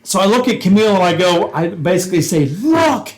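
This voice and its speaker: Animated laughing man telling a story. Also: sits high, fast, crowd noise, rough recording. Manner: animated storyteller, laughs often, acts out quotes. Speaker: podcast co-host, former police officer. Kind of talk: casual storytelling chat.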